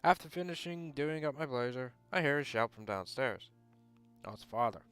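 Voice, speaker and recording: A man's voice: medium pitch, a little fast, fairly bright tone, soft background music. A young man reading a visual novel aloud and rambling off into casual, mildly sweary asides. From England. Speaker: game streamer.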